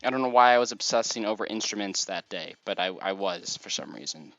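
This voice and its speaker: A man's voice: on the low side, brisk, fairly bright tone, lo-fi sound, faint music behind. A man giving casual, rambling gameplay commentary, full of "like"s. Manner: chatty, rambling, many "like"s. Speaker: let's play gamer.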